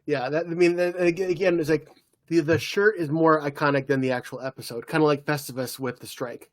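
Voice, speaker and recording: A man co-hosting a podcast, relaxed and playful in casual chat. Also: fairly high pitch. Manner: relaxed, playful, does quick impressions. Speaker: podcast co-host.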